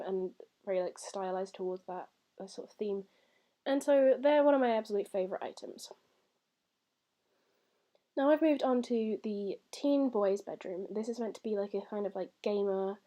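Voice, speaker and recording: A woman's voice: medium pitch, dark tone. A young woman rambling through a casual voice-over, a little out of breath, with many fillers. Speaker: gaming YouTuber.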